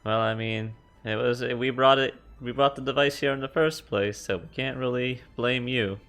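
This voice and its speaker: A relaxed man at the game table chats casually, often stumbling over his opening words. His voice sits at an ordinary mid pitch, with soft music in the background. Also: normal speed. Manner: easygoing, hesitant starts. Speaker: player. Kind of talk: casual tabletop role-play.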